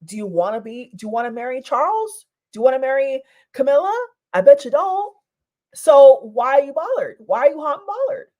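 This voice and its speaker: A woman's voice: high voice, animated, a little fast, mellow. A woman from Europe giving a heated, casual reaction rant, repeating herself and restarting her sentences, with some swearing. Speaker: vlogger.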